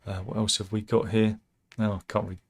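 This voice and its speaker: A man's voice: on the low side, flat delivery, brisk, creaky, slightly rough. Sarcastic British man reading news. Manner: wry, sarcastic asides with restarts. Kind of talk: casual news chat.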